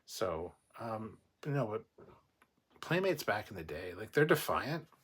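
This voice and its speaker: A man's voice: fairly low pitch, sing-song, measured pace, a bit bright, breathy edge. A man hosting a casual livestream, reading viewer comments and rambling into profane rants. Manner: rambling, swears freely, goes off on rants. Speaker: host.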